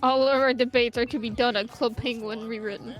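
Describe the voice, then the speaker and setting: A woman's voice: on the high side, steady tone, brisk, faint music behind. A young woman guest on a game stream, chatting casually and teasing the host. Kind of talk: casual chat.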